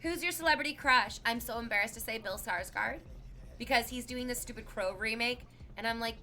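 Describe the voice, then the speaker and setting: Bright, chatty woman streamer. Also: a little high, brisk. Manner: chatty and animated, bursting into laughs and exclamations. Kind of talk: casual chat reading viewer messages.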